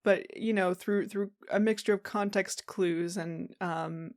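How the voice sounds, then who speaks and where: A woman's voice: medium pitch, fairly even intonation, a little slow, a little mellow. A woman co-hosting a podcast, telling a story in casual chat with lots of fillers and laughs. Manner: storytelling, giggly, many fillers. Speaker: podcast co-host.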